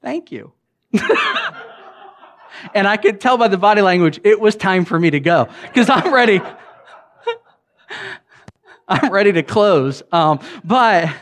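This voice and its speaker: A man with a Southern US accent, a pastor giving a chatty, humorous sermon full of stories, with loud bursts and quiet asides. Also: a little slow, pauses often. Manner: animated, joking, swings between loud bursts and low asides; frequent fillers and restarts, chatty. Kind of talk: conversational sermon with humorous storytelling.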